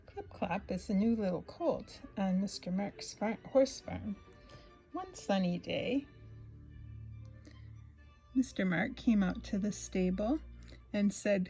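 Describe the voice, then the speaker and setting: A woman reading a children's picture book aloud in a gentle, expressive way, pausing for asides to the young listener. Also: medium pitch, gravelly, husky, faint music behind, low-quality recording. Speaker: storybook reader.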